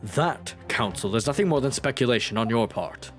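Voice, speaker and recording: A man's voice: mid-range voice, lively intonation, music in the background, voice pushed down, close to an everyday voice. A man voicing a grave, formal male judge in a courtroom video game. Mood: stern. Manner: measured, formal pronouncements.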